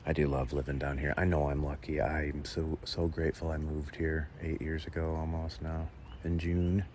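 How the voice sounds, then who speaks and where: A man's voice: extremely low pitch, level tone, moderate pace, darkish tone. A man hosting a casual walking livestream outdoors by a beach lagoon on a plugged-in mic, chatting and answering viewer comments with nervous laughs. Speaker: livestream host. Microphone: plugged-in mobile mic while walking. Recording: outdoor wind and nature noise.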